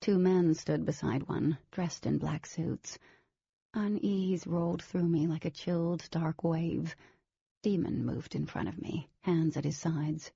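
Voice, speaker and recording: A woman's voice: low voice, steady tone, measured pace, creaky, dark tone, slightly rough, no echo, dull audio, full character voice. A woman narrating a novel as a wary teenage girl, in scripted audiobook style.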